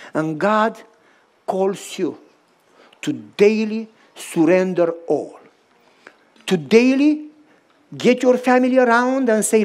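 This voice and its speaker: Male pastor, Romanian accent, sermon storyteller who acts out the voices, swings loud and soft. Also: high-pitched. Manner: animated, acts out dialogue in shifting voices.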